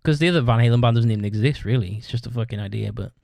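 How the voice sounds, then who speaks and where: A podcast host tells a long story in a casual monologue on his own show, blunt and heavily profane, rambling and restarting as he goes. His mid-range voice is rapid-fire, gravelly, and a little mellow, with no echo.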